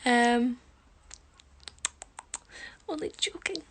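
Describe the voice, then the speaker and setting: Chatty high-voiced woman on a phone livestream. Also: animated, drawn-out words, a bit bright, a little hiss or hum. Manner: chatty, teasing, jokes with viewers while doing her makeup. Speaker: livestream host answering viewer comments. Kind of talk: casual chat.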